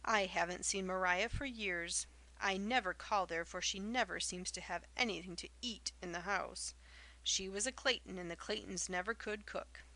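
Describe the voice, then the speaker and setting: A woman reading the part of a spiteful old village gossip in an audiobook, loud and derisive, with rustic dialect. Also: medium pitch.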